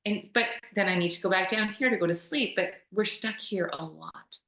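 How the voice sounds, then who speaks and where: Woman, yoga teacher, casual call. Animated, laughs a lot, bright forceful tone, roomy echo. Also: medium pitch, normal speed. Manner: animated, laughs often, acts out quoted voices. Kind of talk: casual explanatory chat on a call.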